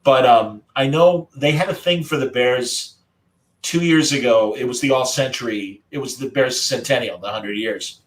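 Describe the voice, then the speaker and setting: A man's voice: mid-range voice, moderate pace, rough recording. A man hosting a casual group chat, recalling a story with a former radio broadcaster's delivery. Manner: conversational storytelling, warm recollection. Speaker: podcast host.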